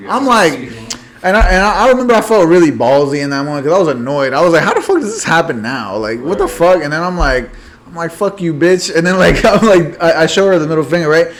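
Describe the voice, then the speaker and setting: A young man on a podcast, telling an animated story with lots of swearing. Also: on the high side, fast talker. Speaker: podcast co-host. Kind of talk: casual chat.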